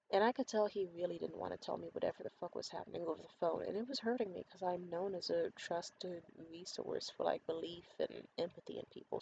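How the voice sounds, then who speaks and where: Gravelly-voiced woman telling a story. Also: on the low side. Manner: candid, profane and animated. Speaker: vlogger. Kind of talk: storytime monologue. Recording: slightly dull, faint hiss.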